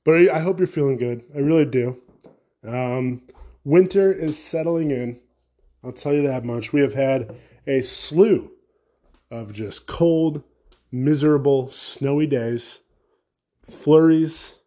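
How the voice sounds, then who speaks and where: A man hosting a solo podcast rants about whatever comes to mind. He swears freely, wanders off topic and turns sarcastic. His voice has a warm, mellow tone at a middle pitch. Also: slow, long pauses. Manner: rambling, profane, sarcastic. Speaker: podcast host. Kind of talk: casual solo podcast rant.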